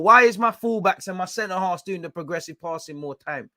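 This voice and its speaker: A young man streaming a football watchalong, shouting at players and slipping into slang as he grows frustrated. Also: high-pitched, a little fast, few pauses, no echo, studio quality. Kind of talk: live match reaction commentary.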